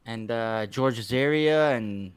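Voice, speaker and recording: A man's voice: mid-range voice, slow, crowd noise. A man co-hosting an internet radio show, easygoing and chatty, greeting listeners in the chat.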